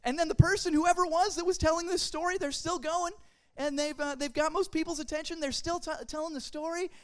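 A young adult telling a funny story to a church group, in a chatty, animated way with casual fillers. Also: very high voice, a little fast. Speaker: speaker at a church youth gathering. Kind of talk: humorous storytelling talk to a group.

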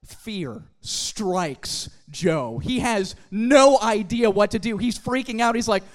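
Young adult, church group speaker, animated storytelling, chatty, casual fillers, mid pitch. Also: slow, few pauses. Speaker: speaker at a church youth gathering. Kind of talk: humorous storytelling talk to a group.

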